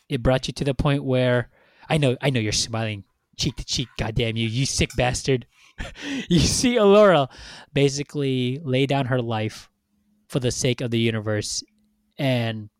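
Casting: male podcast co-host, loud profane rant, dry close sound. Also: medium pitch, dry recording. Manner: animated, profane ranting. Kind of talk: casual chat.

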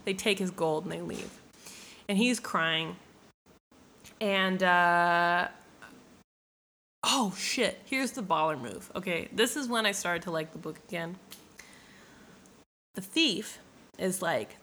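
A young woman casually retelling a book in an animated, profane way, full of fillers and asides. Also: on the low side, takes it slowly, long pauses. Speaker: book summarizer.

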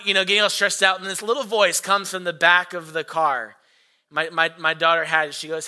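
A male pastor in his thirties delivers a sermon through a personal story. His voice is strongly bright and forceful and sits slightly high. He tells it with animated energy, putting on voices as he goes. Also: moderate pace. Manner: animated storytelling, acting out quoted voices loudly.

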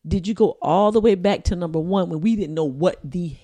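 A woman co-hosting a casual podcast, sassy and animated, laughing often as she reads a listener email. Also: fairly low pitch, brisk, no echo. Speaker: podcast co-host.

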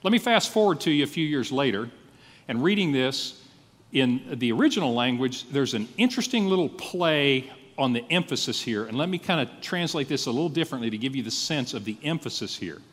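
A male pastor preaching a sermon, telling his story in a lively, animated way and acting out his own thoughts. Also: mid-range voice, fairly quick, big-room sound.

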